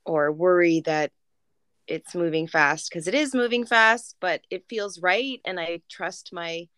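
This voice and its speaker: A woman in her thirties co-hosting a podcast, talking openly and reflectively, with gentle hesitations. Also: lowish voice, unhurried, clean tone, no echo. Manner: reflective, open, hesitant with fillers. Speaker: podcast co-host. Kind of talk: casual chat.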